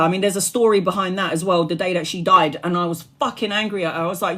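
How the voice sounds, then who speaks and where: A woman's voice: lowish voice, fast talker, hardly any pauses. Woman, tarot streamer, loose chatty storyteller, swears, laughs a lot, worn out from a long stream. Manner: chatty and animated, laughs often, swears freely. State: tired after hours live. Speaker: tarot reader streaming live. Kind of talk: casual live-stream chat.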